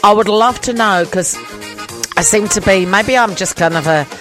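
A chatty woman with a southern English accent hosts a call-in radio show, bubbly and quick to laugh. Her voice sits mid-height for a woman. Soft music plays faintly behind her. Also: medium pitch. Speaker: radio host. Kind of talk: casual call-in radio chat.

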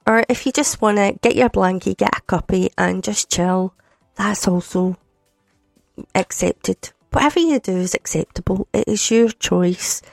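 A woman's voice: medium pitch, measured pace, creaky, dry recording. A Scottish woman presenting a Sunday radio show, chatty and jokey, sounding a bit groggy, on a studio microphone. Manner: chatty, jokey, warm teasing asides. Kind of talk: casual radio chat. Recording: dry studio sound with faint music.

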